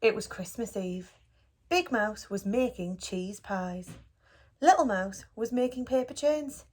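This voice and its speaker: A woman reading a children's picture book aloud for a school, in a gentle and expressive storytelling manner. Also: medium pitch, a little slow.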